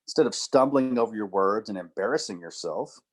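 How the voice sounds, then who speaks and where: A middle-aged man giving a church talk, telling stories, acting out quoted dialogue and reading poetry slowly. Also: fairly low pitch, animated, breathy edge. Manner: storytelling, acts out quotes, recites poetry slowly. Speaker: church speaker and literature teacher.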